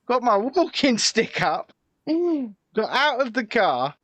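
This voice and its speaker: A man co-hosting a casual live show, telling stories in an animated way and often repeating words as he goes. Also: extremely high pitch, slow, no echo. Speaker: co-host. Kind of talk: casual live-stream chat.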